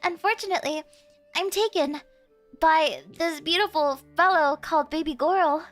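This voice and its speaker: A woman's voice: very high voice, normal speed, fairly bright tone, soft background music. A woman streamer chatting casually with her viewers, playful and teasing, often giggling.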